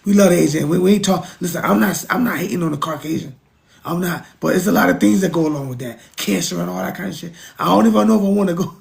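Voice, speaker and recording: A middle-aged American vlogger rants in a casual monologue, his gravelly voice sitting high and moving quickly. He is emphatic, preachy and repetitive, and he swears often.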